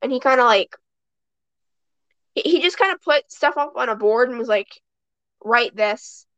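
A woman's voice: high voice, expressive, normal speed, fairly bright tone, no room sound. A woman hosting a podcast and chatting casually, telling rambling stories that restart mid-sentence. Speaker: podcast host. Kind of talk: casual chat. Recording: dull, dry sound.

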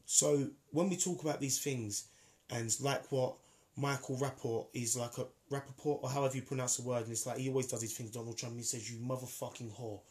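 A man's voice: medium pitch, steady tone, brisk, a little mellow. A man in a casual debate, talking emphatically and repeating himself as he argues.

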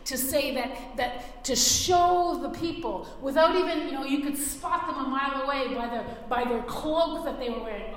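A woman's voice: sits high, moderate pace, hardly any pauses, slight background noise. A woman preaching a sermon earnestly, with frequent restarts, acting out the voices she quotes. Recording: very echoey hall, faint room ambience.

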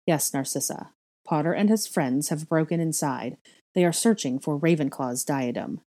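A curt, stern male wizard, as a woman reads him, clipped and urgent. The voice is low, dark and husky. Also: normal speed.

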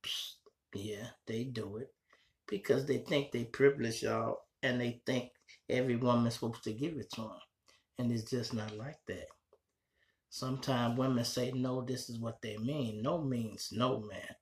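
A man's voice: mid-range voice, steady tone, moderate pace. Male podcast host, Chicago accent, loose and profane, talking straight to his listeners. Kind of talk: casual street commentary.

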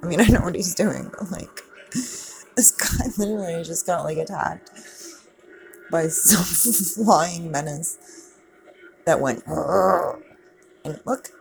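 A woman's voice: on the low side, takes it slowly, creaky, pauses often, a little mellow. A woman giving a casual, chatty commentary as she watches a movie, swearing freely and laughing and exclaiming at the screen. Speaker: movie reaction vlogger.

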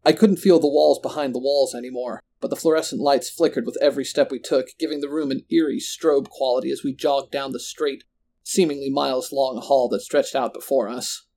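Man, mid-pitched, measured first-person horror narration. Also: fairly even intonation, mellow.

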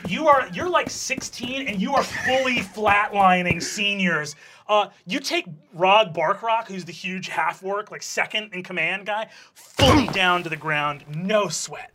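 A man's voice: sits high, unhurried, background noise. A man narrating loosely as game master of a tabletop game, rambling and swearing.

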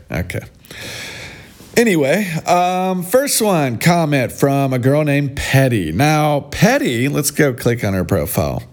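A man giving sarcastic, mocking reaction commentary in a scornful tone. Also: mid-range voice. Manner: mocking, scornful, drawn-out delivery. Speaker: vlogger.

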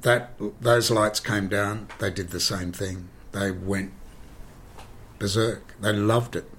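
A man, a stage actor telling theatre anecdotes in an interview, animated and dramatic with deliberate pauses and repeated words. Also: lowish voice. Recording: faint background noise.

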